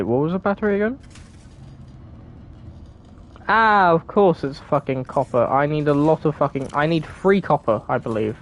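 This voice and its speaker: A woman's voice: sits low, a little mellow. A woman with a southern English accent, from England, chatting casually while streaming a game, sweary, giggly and rambling.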